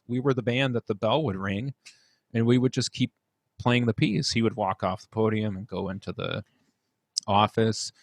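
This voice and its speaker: A young man with a Midwestern American accent, a band director recalling his school days in an interview, earnest and halting with frequent restarts. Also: medium pitch, fairly bright tone, dry recording. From United States. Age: young adult. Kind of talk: reflective interview storytelling.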